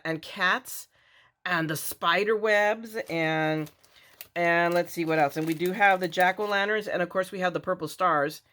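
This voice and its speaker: A woman's voice: fairly low pitch, fairly bright tone, a little hiss or hum. An older woman from Latin America, chatting casually and rambling as she unboxes craft supplies for her vlog. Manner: chatty, rambling, frequent restarts. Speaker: craft vlogger.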